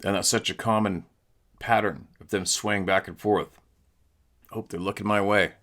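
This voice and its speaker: This host's voice is on the low side and fairly bright, with fairly even intonation at a normal speed. Chatting casually at home, he tells relaxed stories, cursing often and laughing plenty, captured through a laptop camera.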